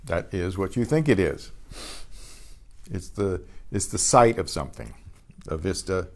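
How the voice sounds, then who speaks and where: An older man teaching a beginners' Spanish class, patiently sounding out each word twice and explaining pronunciation in a relaxed way. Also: low-pitched. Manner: patient, repeats each word slowly, trailing off quietly after explanations. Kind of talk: slow pronunciation lesson with repetition.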